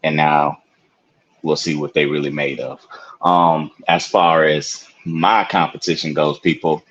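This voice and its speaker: Here a deep-voiced, husky podcast co-host keeps a steady tone and measured pace while rambling in a laid-back way, leaning on fillers and "you know what I'm saying." The casual chat comes through a video call, sounding muffled, dull and lo-fi.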